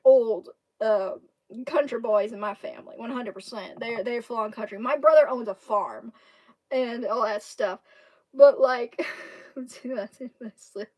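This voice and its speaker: A woman's voice: on the high side, darkish tone. A woman from Kentucky with a Southern accent, chatting to her livestream viewers, laughing often as she rambles through a story. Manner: laughing often, rambling with restarts and drawn-out words. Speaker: livestream host. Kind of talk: casual storytelling chat to viewers.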